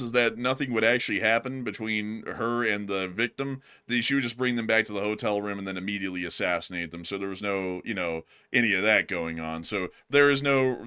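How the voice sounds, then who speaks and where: A man's voice: mid-range voice, clear, resonant tone. A man hosting a live stream, chatting casually and joking as he reads out and answers viewer messages. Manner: joking, rambling, swings between loud and quiet. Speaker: host.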